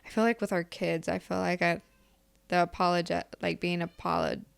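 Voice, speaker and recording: Low gravelly-voiced woman co-host. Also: flat delivery, dry recording. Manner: halting, searches for words. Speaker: podcast co-host. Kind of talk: casual faith podcast chat.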